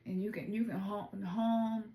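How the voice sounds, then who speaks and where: A woman's voice: mid-range voice, fairly even intonation, unhurried, mellow, reverberant. A woman from Memphis with a Southern accent, giving a casual, chatty spiritual oracle card reading and talking straight to her viewers. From Memphis, Tennessee. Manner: chatty, informal, addresses viewers as y'all.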